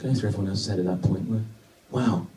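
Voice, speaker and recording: A man from Britain doing a stand-up routine, telling a wry story with sudden excited bursts. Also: deep voice, racing, far from the mic, a little hiss or hum. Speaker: stand-up comedian. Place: comedy venue with a live audience. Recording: echoey venue, mic from afar.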